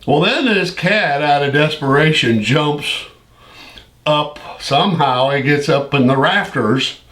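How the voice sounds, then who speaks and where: A man in his seventies, a veteran telling an old story in a folksy, unhurried way and chuckling often between phrases. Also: on the high side, animated, fairly bright tone. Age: 70s. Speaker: Vietnam veteran recounting his service. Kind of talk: casual spoken storytelling.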